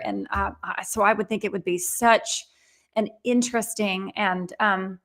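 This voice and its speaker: A woman's voice: medium pitch, steady tone, unhurried, gravelly, fairly bright tone. A woman hosting an interview, thoughtful and hedging as she reflects and asks questions. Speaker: interview host. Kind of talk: interview conversation.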